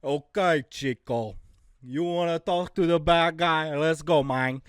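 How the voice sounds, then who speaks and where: Man doing an impression of a swaggering wrestler, loud, higher pitched, cocky street talk. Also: slow pace, clean tone, no echo, studio quality. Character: swaggering male wrestler tough guy.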